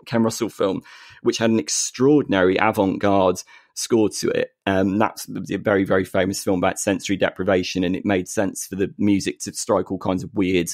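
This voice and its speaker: A man co-hosting a podcast, chatting about film music in an animated way and often restarting his sentences. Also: low-pitched, a little fast, no echo. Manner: animated, frequent restarts and repeated words. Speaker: podcast co-host. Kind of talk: casual film music discussion.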